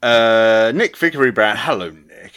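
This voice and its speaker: A man reading out listener messages on a chatty podcast, his voice sitting at an ordinary middle pitch. He laughs a lot, trips over his own restarts and swears casually as he goes. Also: lively intonation, a little slow, fairly bright tone, smooth. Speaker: podcast co-host.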